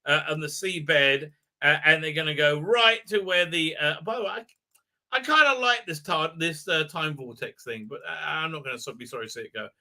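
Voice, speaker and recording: Brief: male host, sarcastic rambling recap, high and very bright, piercing tone. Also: normal speed. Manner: sarcastic, rambling with many fillers. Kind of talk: live-stream episode recap.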